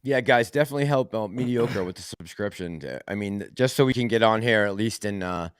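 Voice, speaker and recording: A tired man co-hosting a casual live stream, worn out yet expressive. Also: on the low side, brisk, clear, resonant tone, dry recording, studio quality. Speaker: co-host.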